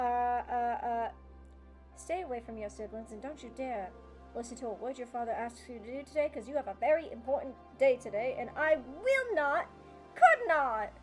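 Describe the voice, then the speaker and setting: A woman's voice: a little high, lightly acted. A woman voicing a fussy, doting fairy mother who rambles as she fusses over her family.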